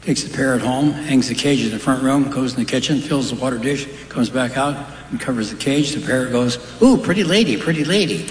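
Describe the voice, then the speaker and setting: A man doing stand-up, telling quick folksy jokes on stage with offhand asides between punchlines. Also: mid-range voice, fairly even intonation, slight background noise. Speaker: stand-up comedian. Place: large live venue. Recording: roomy hall with long reverb.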